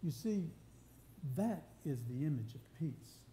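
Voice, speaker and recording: A male pastor delivers an unhurried, expressive sermon in a church sanctuary, his warm voice pitched fairly high. He is earnest and conversational, repeatedly restarting his thoughts and building emphasis. The recording is a roomy church live stream with a slight hum.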